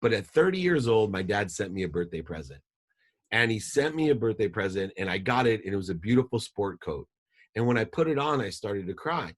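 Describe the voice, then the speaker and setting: Podcast guest, man in his 50s, lowish voice, quick emphatic storyteller who repeats lines for punch. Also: very animated. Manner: fast, emphatic, repeats phrases for effect. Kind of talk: personal storytelling in an interview.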